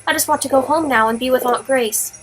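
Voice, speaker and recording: A woman's voice: sits high, a little fast, a bit bright, poor audio. A woman voicing a sincere young girl heroine in a video game. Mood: earnest.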